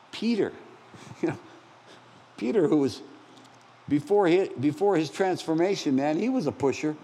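Lively preaching man in an echoing hall. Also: fairly high pitch. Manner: animated, conversational preaching with self-deprecating asides. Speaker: pastor. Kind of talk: sermon. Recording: long hall reverb, faint ambience.

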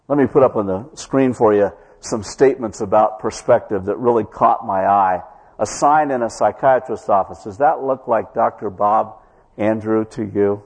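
A male pastor delivers a sermon in a church, his voice slightly husky and breathy. He tells a story to the congregation, drawing out his key words for emphasis. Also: lowish voice, a little mellow, in a large hall. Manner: storytelling preacher, slows for emphasis.

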